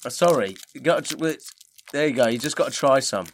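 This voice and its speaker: A man's voice: medium pitch, animated, brisk. A man hosting a casual comedy chat, sweary and sardonic, still unwell and sweaty in a small booth. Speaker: podcast host.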